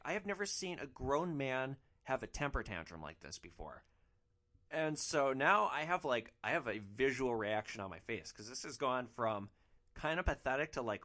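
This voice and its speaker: Brief: man, casual storyteller host, lively swinging pitch, bright forward voice. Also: moderate pace. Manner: animated, swearing, frequent "like" fillers. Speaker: rideshare driver podcast host.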